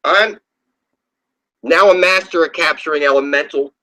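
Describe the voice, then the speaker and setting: Guy with a high voice ranting into the camera, swearing a lot, gets insistent and jumps up in pitch. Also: moderate pace, bright, forceful tone, rough recording. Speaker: channel host. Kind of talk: rambling monologue to camera.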